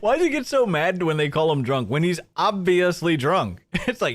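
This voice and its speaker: Male stream host, mocking and chatty, laughs a lot, animated pitch, dry close sound. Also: moderate pace, no echo. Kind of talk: live commentary on a played clip.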